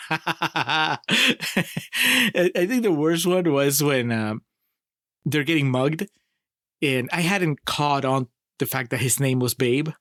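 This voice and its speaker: A man co-hosting a casual film review podcast, talking in an animated way, laughing often and swearing freely. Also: fairly high pitch, takes it slowly, pauses often, no room sound, clean studio sound. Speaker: podcast co-host.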